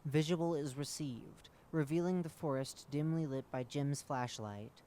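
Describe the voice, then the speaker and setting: A man giving a measured, matter-of-fact scripted narration of a horror wiki entry. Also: on the high side, dark tone, slight background noise.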